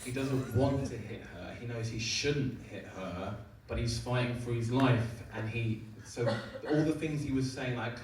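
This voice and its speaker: A man speaking as a screenwriter and actor at a festival Q&A, telling lively anecdotes in a self-deprecating, apologetic way. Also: mid-range voice, a little slow, hardly any pauses. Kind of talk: festival Q&A panel answers. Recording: echoey hall, distant mic, clear noise.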